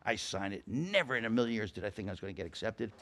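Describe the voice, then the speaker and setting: A man's voice: on the low side, very fast, slight background noise. An older man, a podcast guest, telling comic stories in casual chat and acting out the voices of everyone he quotes. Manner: animated, acts out every quoted voice.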